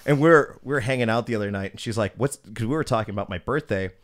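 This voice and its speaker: A young man hosting a casual chat, telling stories with lots of swearing and lively acted-out quotes. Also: mid-range voice, fast talker. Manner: profane, animated storyteller. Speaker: podcast host.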